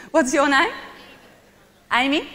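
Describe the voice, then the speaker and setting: Bright-voiced woman speaking in a reverberant hall. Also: sits high. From Australia. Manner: energetic, playful instructor, shouts commands. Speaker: guest speaker, martial arts athlete. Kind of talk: motivational talk with demonstration. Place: large hall with audience.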